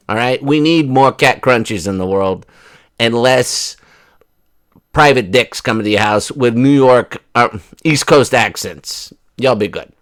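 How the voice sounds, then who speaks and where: A man's voice: medium pitch, a bit bright, no echo. A man hosting casual reaction commentary, joking and acting out little bits of dialogue as he talks. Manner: joking, acts out dialogue in quick bursts. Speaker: commentary host.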